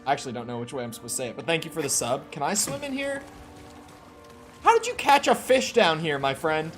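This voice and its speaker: A man's voice: a little high, very animated, fast talker, fairly bright tone, soft background music. A man streaming a video game, casually reading chat aloud and reacting to the gameplay in a laid-back way.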